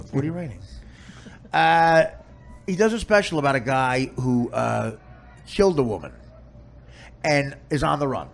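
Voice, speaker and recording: A man's voice: mid-range voice, expressive, a little slow, gravelly, long pauses, slight background noise. A man hosting a podcast who tells crude, comic stories in a casual way, often laughing as he talks. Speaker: podcast host. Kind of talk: comic storytelling.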